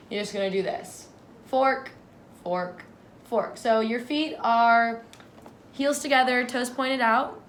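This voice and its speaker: A young woman teaching a dance tutorial, clear and instructive as she breaks down and counts out moves. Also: fairly high pitch, fairly bright tone, a little hiss or hum.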